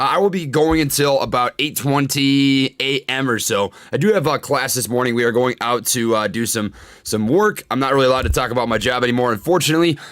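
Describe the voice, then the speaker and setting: A man's voice: mid-range voice, fairly bright tone, no echo. A young man hosts a casual stock-trading livestream with hyped, slangy energy, tossing out catchphrases and greeting chatters by name. His voice sits in an ordinary middle register. He is recorded close on a desk microphone in a dry room at home. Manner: hyped, slangy, catchphrase-heavy, reads chat aloud. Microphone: desk condenser microphone.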